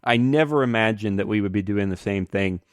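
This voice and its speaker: A man hosting a casual podcast, excitable and laughing often as he talks. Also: fairly low pitch, a little fast, dry recording, studio quality. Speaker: podcast host.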